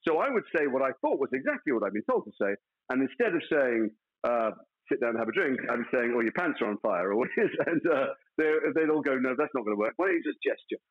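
A man's voice: mid-range voice, very animated, fast, phone-quality sound. A man, an actor guest in a casual interview, telling stories playfully with mock outrage.

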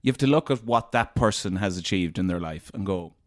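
A man's voice: low voice, animated, brisk, dry recording, clean studio sound. A man from Leitrim, a radio presenter speaking frankly and colloquially as an interview guest. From Ireland, Leitrim. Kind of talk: casual conversational interview.

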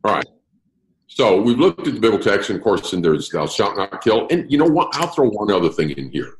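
A man's voice: fairly low pitch, brisk, roomy sound, low-quality recording. A man leading an interactive Bible study, explaining verses and putting questions to his group. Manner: lively, asks the group questions. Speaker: Bible teacher.

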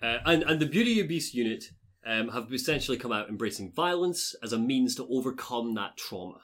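A man telling a long story on a casual podcast, his pitch rising and falling a lot. He talks in an animated, loose way and swears often as he recaps. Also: a little fast. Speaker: podcast host recapping game lore. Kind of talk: casual chat.

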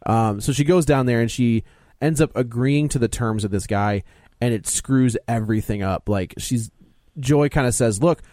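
A man's voice: medium pitch, moderate pace, darkish tone, no echo. A man co-hosting a film chat podcast, recapping the story in a meandering, filler-laden way. His voice sits in an ordinary middle range. The sound is close and dry with no room around it. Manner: rambling recap, filler-heavy. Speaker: podcast co-host. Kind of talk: casual movie review chat.

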